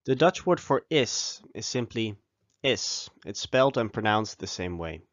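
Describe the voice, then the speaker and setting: A man teaching a scripted language lesson, giving phrases slowly and with pauses so learners can repeat after him. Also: on the low side, big pitch swings, no echo, muffled recording. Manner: slow, deliberate model pronunciation with pauses for repeating.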